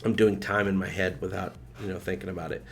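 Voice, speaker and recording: A man hosting a live stream, chatting casually and excitedly, rambling and thanking his viewers. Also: low voice, fast, creaky, slightly rough, faint music behind. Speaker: livestream host.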